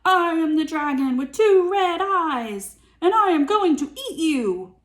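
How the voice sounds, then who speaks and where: A woman's voice: extremely high pitch, lively intonation, unhurried, echoey room, pitched above the performer's own voice. A woman doing a blustering little dragon boy. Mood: boastful. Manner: loud, blustering roar. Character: boastful young male dragon, small and stubborn.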